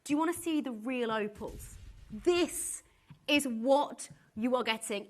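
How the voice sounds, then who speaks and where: A woman presenting live on a shopping channel, gushing and excitable, often restarting her sentences. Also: a little high, measured pace. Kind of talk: live TV sales pitch.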